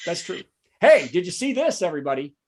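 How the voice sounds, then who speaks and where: A man, a comedian hosting a virtual show with a topical news monologue and quick asides to the audience. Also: high voice, very animated, darkish tone. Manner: joking asides, checks in with the audience. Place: home setup for a virtual show.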